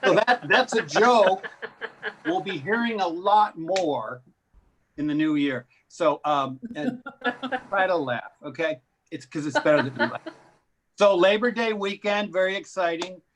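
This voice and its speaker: A man's voice: sits high, a little slow, fairly bright tone, a little hiss or hum. A man doing a stand-up comedy set on a live stream, with wry, self-deprecating delivery.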